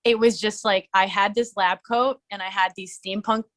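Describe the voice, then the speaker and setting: A woman's voice: medium pitch, steady tone, moderate pace, a bit bright. Young woman, podcast guest. Loose, chatty storyteller, heavy on fillers. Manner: rambling, lots of "like" fillers, laughing. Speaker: musician and streamer, podcast guest. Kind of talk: casual interview chat.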